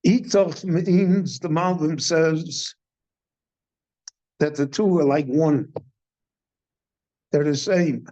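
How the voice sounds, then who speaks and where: An older rabbi teaches a Torah class at a very slow, measured pace. His voice sits somewhat high for a man, and he poses questions before answering them. The synagogue recording sounds dull and lo-fi. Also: mellow. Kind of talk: slow, deliberate Torah lecture.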